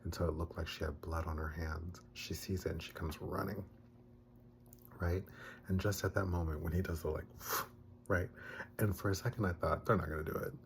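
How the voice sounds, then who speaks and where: A man giving a casual, animated recap of a film, acting out the characters' lines as he tells it. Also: sits low, normal speed, creaky, slight background noise. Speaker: film reviewer.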